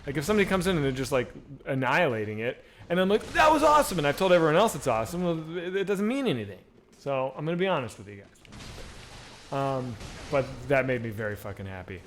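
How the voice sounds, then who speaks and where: A man's voice: medium pitch, quick pace, slight background noise. A man streaming a video game, chatting casually with viewers and swearing freely as he plays. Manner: animated, swears freely, chats back to viewers. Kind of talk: casual live-stream commentary while gaming.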